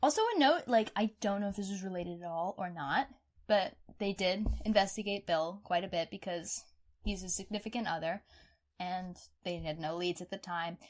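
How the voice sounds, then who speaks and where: A woman co-hosting a true-crime podcast in casual chat, animated and outspoken, swearing freely. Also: fairly low pitch, moderate pace. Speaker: podcast co-host.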